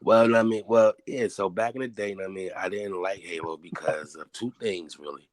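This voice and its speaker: Very deep-voiced laid-back man. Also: steady tone, normal speed, no room sound. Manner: laid-back, slangy and profane. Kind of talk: casual chat.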